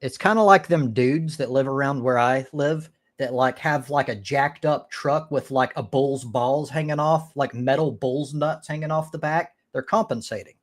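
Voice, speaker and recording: An American man hosting a live stream, swearing freely and rambling through restarts. His voice sits at an everyday middle pitch. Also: normal speed, hardly any pauses. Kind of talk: casual crude chat.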